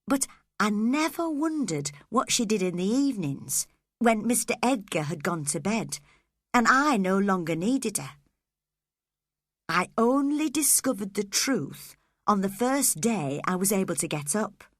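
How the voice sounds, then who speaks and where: A woman reading an audiobook as a measured storyteller. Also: medium pitch, big pitch swings, a bit bright, no echo, studio quality. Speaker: audiobook narrator. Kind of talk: scripted audiobook narration.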